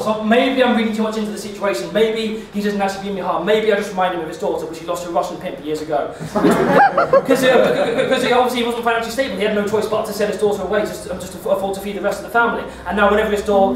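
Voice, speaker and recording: Stand-up guy talking fast and rambly, stammers a lot, heard from far off in a really echoey club. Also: high-pitched, slight background noise. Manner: rambling deadpan storytelling with stammered restarts. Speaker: stand-up comedian. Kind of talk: stand-up set. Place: comedy club stage.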